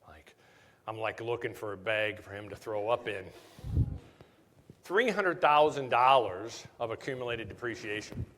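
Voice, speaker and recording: A man giving a conference talk, his pitch rising and falling as he jokes and tells stories between technical points. He keeps tossing "right?" at the audience. The sound carries a long reverb tail from the large hall. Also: animated, a little slow, a bit bright. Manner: jokey, storytelling, keeps asking "right?". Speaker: tax seminar presenter. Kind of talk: live conference lecture.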